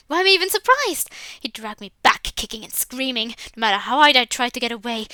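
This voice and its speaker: A woman narrates a visual novel in the first person and breaks off into casual, rambling asides. Her voice is bright and smooth, a little high, recorded close and dry. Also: animated, fairly quick, hardly any pauses, dry recording. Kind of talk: reading a visual novel aloud with commentary.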